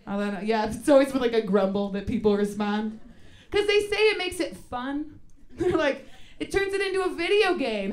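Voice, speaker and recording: A woman doing a stand-up comedy set in a club, sarcastic and self-deprecating, with loud bursts on a stage mic. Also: on the high side. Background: audience laughter.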